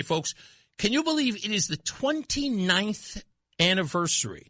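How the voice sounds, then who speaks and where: A male talk radio host riffing excitedly and laughing often between points. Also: high voice, dry recording, clean studio sound. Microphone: studio microphone.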